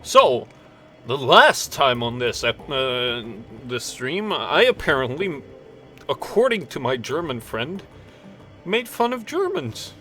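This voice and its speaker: A man's voice: mid-range voice, very animated, slow, bright, forceful tone, faint music behind. A man hosting a casual game stream, rambling with lots of fillers and poking fun at himself while reading game text aloud. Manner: rambling, self-mocking, many fillers. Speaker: streamer host.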